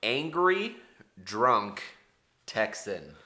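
A young man co-hosting a comedy podcast in casual chat, relaxed and easygoing, swearing at times. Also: medium pitch, extremely slow. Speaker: podcast co-host.

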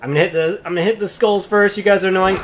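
A male gaming host giving let's play commentary, excitable and swearing, often yelping in fear. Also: sits high, rapid-fire, background noise.

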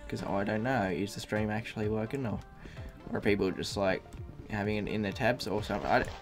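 A tired man streams a game live, chatting casually in a rambling, profane way with plenty of fillers and restarts. His voice is on the low side and fairly quick, with faint music in the background.

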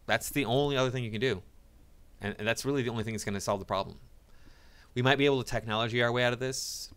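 A man delivers casual online reaction commentary in a sarcastic, mocking tone. His voice sits at an ordinary middle pitch. He stumbles into repeated words and restarts as he talks. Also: quick pace, fairly bright tone, clean tone.

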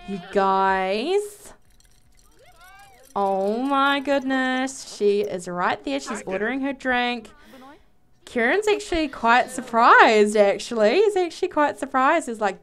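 A woman giving casual, excitable commentary while playing a life-simulation game, giggling and exclaiming often. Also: fairly high pitch, a little slow. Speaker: let's play gamer.

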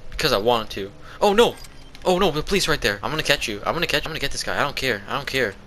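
A man giving excitable live commentary on his own gameplay, yelling and trash-talking as he plays. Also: medium pitch, racing. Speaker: gameplay video creator. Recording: game music loud behind.

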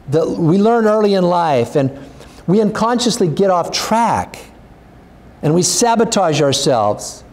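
A male pastor preaching a sermon, earnest and urging, his voice rising as he exhorts the congregation. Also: darkish tone. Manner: earnest, urging, rises in pitch when exhorting.

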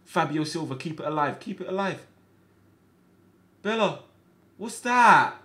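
A man streaming a football management game, reacting out loud with groans and cheers as he commentates. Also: fairly high pitch, measured pace. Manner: excitable, shouts at players, swings between groans and cheers. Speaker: gaming streamer.

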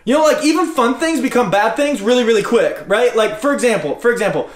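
High-voiced pastor preaching in an echoey hall. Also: male voice, expressive, fast talker. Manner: conversational, repeats phrases, storytelling preacher. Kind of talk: sermon. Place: church sanctuary.

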